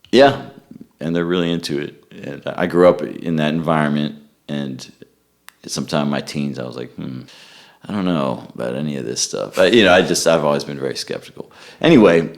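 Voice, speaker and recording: A man being interviewed, talking in a relaxed, rambling way and often restarting with repeated words. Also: extremely low pitch. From United States. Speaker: guest musician. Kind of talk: casual interview chat.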